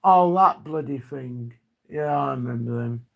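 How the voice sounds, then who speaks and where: Gravelly man chatting casually. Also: mid-range voice, measured pace, a bit bright. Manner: rambling, nostalgic, trailing off. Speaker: livestream host. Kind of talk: casual reminiscing chat.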